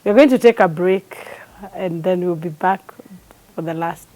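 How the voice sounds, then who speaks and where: A woman's voice: on the low side, normal speed, mellow, rough recording. A woman hosting a TV talk show and giving her guest short, supportive prompts. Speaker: TV show host. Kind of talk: interviewing a guest.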